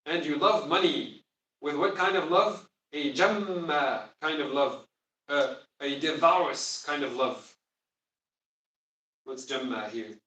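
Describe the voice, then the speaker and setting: A man's voice: a little high, slow, sharp tone. Man teaching in an echoey classroom. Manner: emphatic, quizzes students. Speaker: Quran teacher. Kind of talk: classroom lesson. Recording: echoey room, distant mic.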